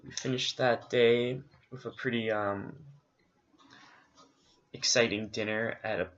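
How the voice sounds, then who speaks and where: A man's voice: fairly low pitch, steady tone, unhurried, a bit bright, highs cut off. A man co-hosting a casual travel recap, rambling along with many fillers. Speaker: co-host recapping a trip.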